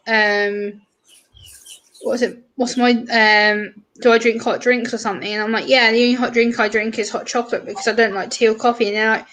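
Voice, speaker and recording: A woman's voice: on the high side, poor audio. A British woman chatting casually on a livestream, acting out short exchanges with her viewers. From Britain. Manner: chatty, acts out what others said in quick bright voices. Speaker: livestream host.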